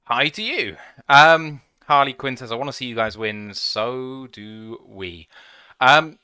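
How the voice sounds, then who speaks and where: Man, relaxed jokey co-host, bright crisp voice, dry close sound. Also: medium pitch, slow pace, no echo. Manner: easygoing, jokey. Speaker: podcast co-host reading live chat. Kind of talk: casual fan review chat.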